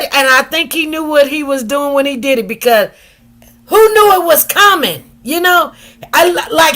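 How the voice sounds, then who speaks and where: A woman hosting a live stream, chatting casually and directly to her viewers in a slangy, talkative way. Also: sits high. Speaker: livestream host. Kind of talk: casual commentary to a live chat.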